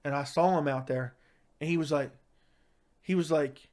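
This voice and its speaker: A man telling a comic story in a deadpan tough-guy way, with lots of "right?" and "like". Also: fairly high pitch, moderate pace. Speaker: comedic storyteller. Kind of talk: casual storytelling monologue.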